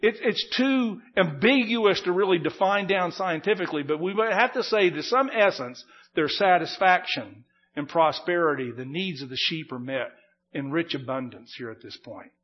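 A man's voice: fairly high pitch, expressive, normal speed, highs cut off. A man preaching an expository sermon, earnest and emphatic, often repeating and restarting his phrases. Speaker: pastor.

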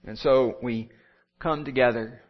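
A man's voice: medium pitch, unhurried, muffled recording. A pastor giving a sermon, building his points through repeated phrases and rising appeals.

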